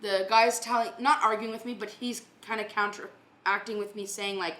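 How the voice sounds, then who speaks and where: Bright-voiced, blunt woman podcast host. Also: medium pitch, level tone, normal speed, reverberant, slight background noise. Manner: blunt storytelling, heavy swearing. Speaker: podcast host and renovation company owner. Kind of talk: casual podcast chat.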